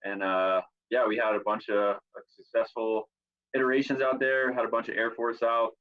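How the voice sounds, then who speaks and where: A man answering interview questions over a video call, relaxed and rambling with plenty of fillers. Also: medium pitch, normal speed, dull audio. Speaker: guest athlete. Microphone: computer on a video call.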